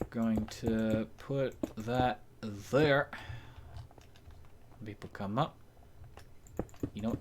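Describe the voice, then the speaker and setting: Streamer guy, lowish voice, rambly self-talk, keyboard clicking faintly behind. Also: background noise. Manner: rambling, talks to himself, chuckles often. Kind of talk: casual live-stream commentary while building in a game.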